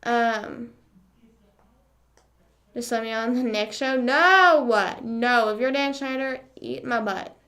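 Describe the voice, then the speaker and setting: Her voice is a little high and steady, slow, with long pauses. She's a young livestreamer in casual conversation with her viewers, sarcastic and peppering her talk with fillers and curses.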